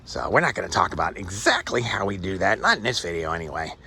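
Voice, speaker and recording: A man's voice: deep voice, big pitch swings, fast talker, vocal fry, sharp tone, a little hiss or hum. A man giving a rambling, folksy walk-through of his backyard rabbit cages, thinking aloud as he goes. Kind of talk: casual walk-through vlog. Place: outdoor tent beside rabbit cages.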